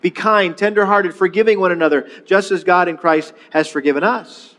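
A middle-aged male pastor preaches in a high, fairly quick, slightly bright voice, talky and full of restarts and rhetorical questions as he leads the congregation in call-and-response repetition. The large sanctuary gives a long hall reverb.

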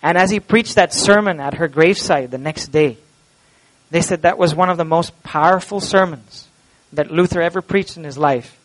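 A man preaching an Easter sermon in a church and leading a closing prayer, impassioned and swinging from loud to hushed. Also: fairly high pitch, moderate pace, low-quality recording. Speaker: pastor. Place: church sanctuary.

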